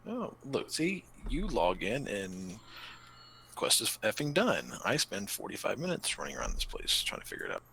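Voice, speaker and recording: A man playing a co-op game with friends, quick and a bit defensive as he gets teased. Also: lowish voice, huge pitch swings, creaky, pushed and bright, a little hiss or hum. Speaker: co-op gaming partner. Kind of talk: casual chat while gaming.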